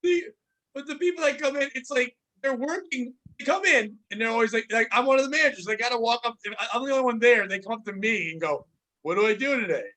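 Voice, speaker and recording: A man hosting a casual comedy podcast, rambling through work stories with animated retellings. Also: very high voice, quick pace. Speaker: podcast host.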